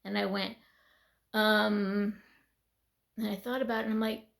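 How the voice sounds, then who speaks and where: A woman speaking in a conversational, earnest way as she shares a personal faith testimony. Her voice has a gravelly edge. She sounds tired and teary, sometimes dropping into a whisper. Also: mid-range voice, flat delivery, unhurried. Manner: earnest, conversational, with soft laughs and trailing whispers.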